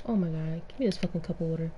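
A woman's voice: deep voice, rapid-fire, dark tone, slight background noise. A young woman streaming a life-sim game, giving casual, exasperated running commentary and swearing often.

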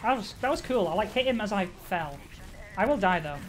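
A woman's voice: medium pitch, expressive, a little fast. Woman, live streamer, casual gaming commentary, chatty, swears and laughs a lot, faint background hiss. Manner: chatty, swears and laughs often, reacts to chat.

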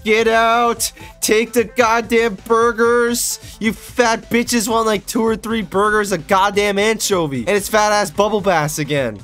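A young man giving loud, excitable gameplay commentary, swearing and yelling at the game as he plays. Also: high-pitched, unhurried, soft background music. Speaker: gaming YouTuber.

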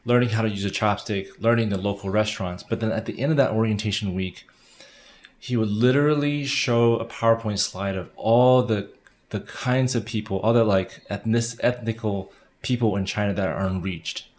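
Guy in his 30s, kinda low voice, chatty storytelling w lots of restarts. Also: moderate pace. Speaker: missionary guest. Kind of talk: conversational interview.

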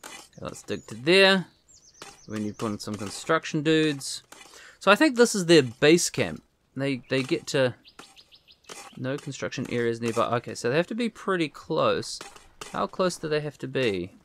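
A man hosts a let's play, talking to himself as he plays and poking fun at his own mistakes. His pitch jumps around a lot, set at an average level for a man. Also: lively intonation, moderate pace, a bit bright, slight background noise. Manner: rambling, self-deprecating, talks to himself. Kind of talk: casual gameplay commentary.

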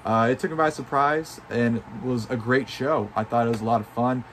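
A man reviewing a wrestling show in a casual vlog. He talks excitedly, swears freely and leans on fillers like "you know". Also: mid-range voice, moderate pace, slight background noise.

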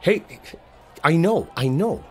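A man's voice: a little high, animated, slow, slight background noise. A man voicing a protective boyfriend in a role-play audio, often swearing. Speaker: ASMR audio performer playing a protective boyfriend.

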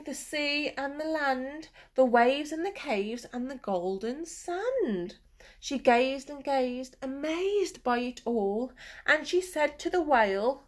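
A woman reading a picture book aloud to children in a gentle, sing-song way, stopping to ask them questions and sometimes dropping to a whisper. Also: sits high, expressive, slow.

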